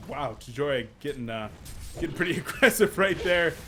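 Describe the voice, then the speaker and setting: A man casting a live esports match, excitable and jokey, quick to laugh at his own puns. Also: on the high side, a little hiss or hum. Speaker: esports caster. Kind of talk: live game commentary.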